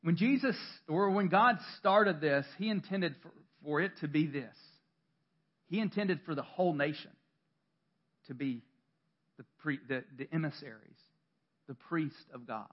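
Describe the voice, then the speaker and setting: A man's voice: on the high side, measured pace, long pauses, muffled recording. A male pastor preaching a sermon in a church, talking conversationally with self-deprecating stories, restarts and laughter.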